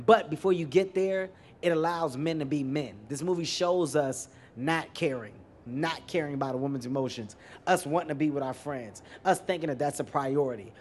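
A man from Philadelphia, a comedian, telling animated, emphatic stories at a live Q&A on a handheld mic. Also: on the high side. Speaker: comedian guest. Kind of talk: moderated Q&A discussion. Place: live venue with audience.

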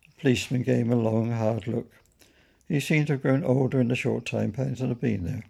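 A man reads his own children's story aloud in a gentle, measured way. His voice is gravelly and husky, with a dark, mellow tone. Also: mid-range voice, fairly even intonation. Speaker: author reading his book. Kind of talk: storybook reading.

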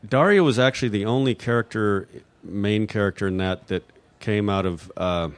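A man from New Mexico with a fairly low voice, fielding questions from an audience. He rambles, stalls on fillers, and restarts his sentences often. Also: moderate pace, clean tone, dry recording. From New Mexico, USA. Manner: hesitant, full of fillers and restarts. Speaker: guest at audience Q&A. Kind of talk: rambling unscripted answers.

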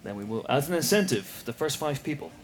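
Man, panel moderator, chatty, jokey, laughs easily, mid pitch. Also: sing-song, fast, over a noisy crowd. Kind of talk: hosting a live Q&A.

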